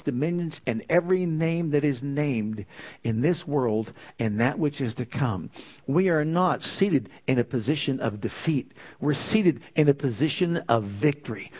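Male preacher, emphatic sermon delivery, slightly high pitch. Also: darkish tone. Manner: earnest, emphatic storytelling preaching.

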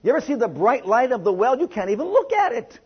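A man's voice: extremely high pitch, very animated, quick pace, slightly rough. A man preaching a sermon to a congregation, leading call-and-response and stretching out emphatic phrases. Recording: muffled lo-fi sermon recording.

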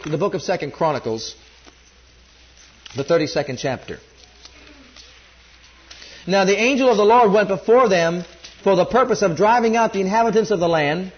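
A man preaching a sermon, rising loud on key points and dropping low when quoting scripture. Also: highs cut off.

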